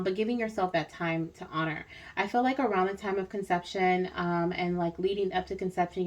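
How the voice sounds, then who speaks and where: A woman's voice: fairly low pitch, a little mellow. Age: adult. Sex: woman. Role: spiritual reader. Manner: rambling, reassuring. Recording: a little distant from the mic. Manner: rambling, reassuring, frequent fillers and tag questions. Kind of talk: casual spiritual reading.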